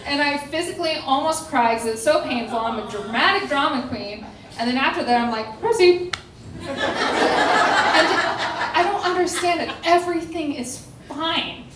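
A young adult woman telling a personal story in casual chat, animated and dramatic, acting out quotes with laughing asides. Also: high voice, moderate pace, distant mic, heavy background noise. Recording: echoey room, voice off-mic.

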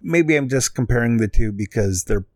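A man's voice: medium pitch, expressive, moderate pace, no echo, clean studio sound. A man chatting casually, blunt and opinionated, swearing freely. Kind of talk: casual chat.

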